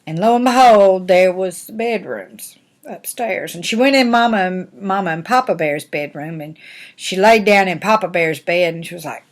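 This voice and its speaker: A folksy older woman, a grandmother, tells stories to her grandchildren. Her voice is on the low side at a moderate pace, and she's animated, using homespun phrasing.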